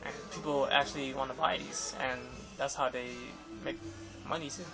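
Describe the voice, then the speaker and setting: A man's voice: medium pitch, steady tone, normal speed, vocal fry, poor audio. A young man in a casual vlog, recounting an interview with photographers in a rambling way, full of fillers and restarts. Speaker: vlogger. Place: Los Angeles area. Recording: music playing behind.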